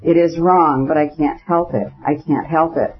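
In an audiobook, a man with a slightly rough, a little high voice reads in a steady tone at moderate pace, voicing a crushed, self-pitying middle-aged official who speaks plaintively and formally. The mood is despairing, and the recording is dull and lo-fi.

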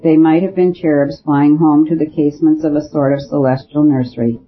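A man reading a story aloud as an audiobook narrator, in a measured, even way. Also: fairly high pitch. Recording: dull lo-fi recording with faint hiss.

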